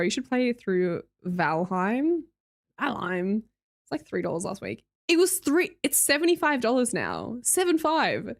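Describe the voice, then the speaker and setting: A young Australian woman with a medium-pitched voice streams live, chatting casually with viewers and reading out their messages. She's bubbly and laughs often.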